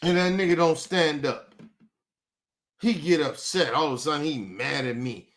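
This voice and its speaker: Man, young adult, AAVE, angry profane rant, podcast host, somewhat high voice. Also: normal speed, fairly bright tone. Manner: angry, profane, repetitive street slang. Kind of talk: heated rant to camera.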